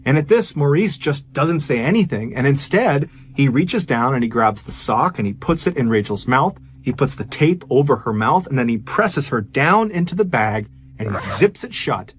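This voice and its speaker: A man's voice: mid-range voice, sing-song, moderate pace, slight background noise. A man telling a true crime story in a conversational, emphatic way.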